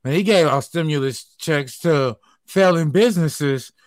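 A man's voice: fairly high pitch, measured pace, dry recording. A man in a casual group discussion, explaining his point at length and building his argument step by step.

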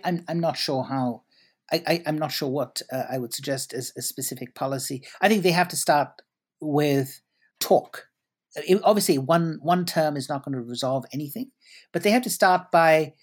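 A man's voice: fairly high pitch, expressive, moderate pace. A man answering interview questions at length, articulate and elaborate, often restarting his sentences. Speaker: guest commentator.

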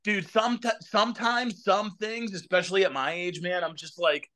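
A band vocalist in his forties chats casually as a podcast guest, his voice high-pitched and his pace moderate. He swears freely and tells animated stories, acting out the quotes as he goes.

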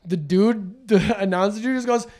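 A man with a high voice talks on a comedy podcast as an animated storyteller. He laughs at his own jokes and swears freely, keeping a loose, conversational rhythm. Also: normal speed. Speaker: comedian guest. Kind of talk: casual comedy podcast chat.

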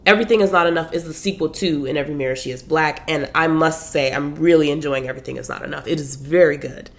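A woman with a slightly low-pitched voice talks through her reading list as a podcast host. Her delivery is loose and animated, peppered with slang and fillers. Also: quick pace. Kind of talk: casual chat about books.

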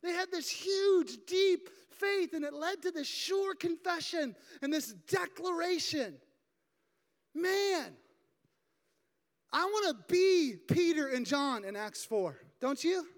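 A pastor preaching a sermon in a church sanctuary, retelling a story in an animated, emphatic way. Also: extremely high pitch, takes it slowly. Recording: long hall reverb.

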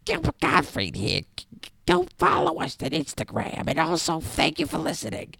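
A man putting on an impression of a shrill comedian, squawking and drawing out pleas to subscribe. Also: wildly swooping pitch, moderate pace, gravelly, bright, forceful tone, breathy edge, dry recording, full character voice. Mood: shrill pleading. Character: impression of a shrill comedian, male, middle-aged.

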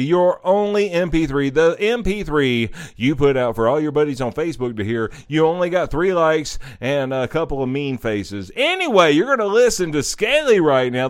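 A man hosting a radio music show, mocking listener-sent songs with crude, sarcastic jokes and loud outbursts. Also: a little high, no echo, clean studio sound. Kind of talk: comedic music review rant.

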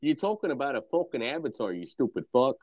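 A man's voice: mid-range voice, very animated, quick pace, no echo. Brief: male host, aggressive profane taunter, lo-fi dull chat audio, dry sound. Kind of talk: voice chat insult exchange.

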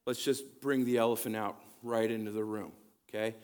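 A man's voice: lowish voice, fairly even intonation, moderate pace, smooth. Casual, conversational male preacher. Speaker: pastor and counselor. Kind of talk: casual sermon teaching. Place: church campus.

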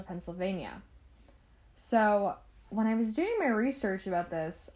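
A woman's voice: medium pitch, darkish tone. A woman hosting a podcast, telling a history story in a chatty, casual way with asides to the listener. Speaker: podcast host.

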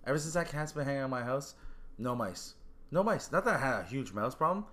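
A man's voice: medium pitch, lively intonation, fast, fairly bright tone. A man hosting a casual chat, blunt and slangy, repeating points for emphasis.

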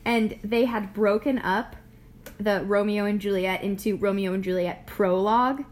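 A woman's voice: medium pitch, fairly even intonation, normal speed. A woman co-hosting a podcast in casual chat, playful and often laughing. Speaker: podcast co-host.

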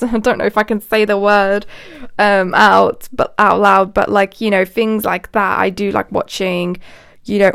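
A young woman hosts a casual spiritual talk, her voice smooth and clear in a dry, close recording. She rambles along with plenty of fillers and restarts. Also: mid-range voice, no room sound. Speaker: podcast host.

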